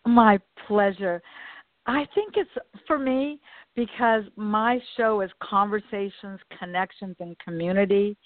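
A woman's voice: medium pitch, dry recording. A woman hosting a talk radio show, introducing her guests with enthusiasm. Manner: enthusiastic, effusive. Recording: dry phone-line sound with faint music.

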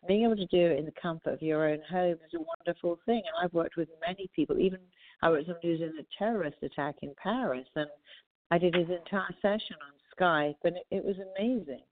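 A woman therapist and author answering interview questions, telling lively stories and acting out what her clients say. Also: fairly low pitch, fast talker, no echo. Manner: lively storytelling, acts out clients' voices. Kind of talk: interview conversation. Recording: tinny phone-like line.

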